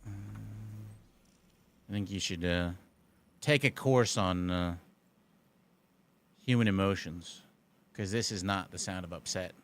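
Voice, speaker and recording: A man's voice: low-pitched, measured pace, long pauses, clear, resonant tone. A man streaming a game live, chatting casually and answering his chat with dry, sarcastic banter. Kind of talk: casual gaming commentary.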